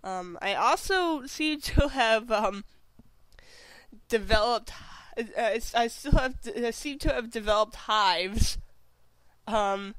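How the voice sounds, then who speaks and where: A young podcast co-host, sick with a runny nose and a cough, talking haltingly with many ums in casual chat. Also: mid-range voice, expressive, a bit bright, no room sound.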